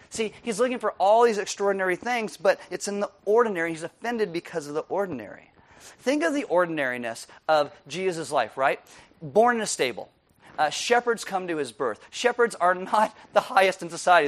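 A man preaching a sermon as pastor, animated, laughing often and asking his listeners "right?" again and again. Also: sits high.

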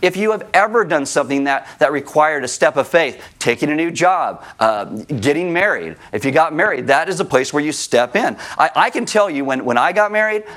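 A man's voice: on the high side, lively intonation, a little fast, hardly any pauses, a bit bright. A middle-aged male pastor preaching a sermon in a conversational way, with joking asides to the congregation.

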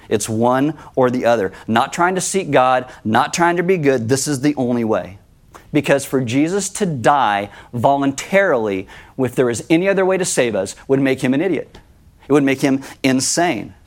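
A man preaching an earnest sermon as pastor, acting out the voices of the people he quotes. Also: a little high.

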